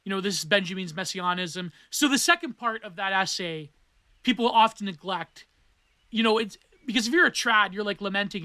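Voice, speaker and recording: A man hosts a solo podcast, rambling and digressing through art theory with many fillers, restarts and self-corrections. His voice is high-pitched and sharp, with lively intonation and a brisk pace, in a dry recording.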